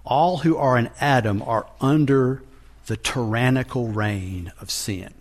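A preacher with a medium-pitched voice teaches from scripture in a measured, deliberate sermon, frequently starting his phrases over.

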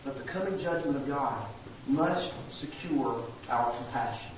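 A man's voice: mid-range voice, a little slow, background noise. Earnest male pastor preaching from a distance in a hall full of echo. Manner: earnest preaching with a folksy aside. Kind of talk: sermon. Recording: very echoey church sanctuary, distant mic, dull.

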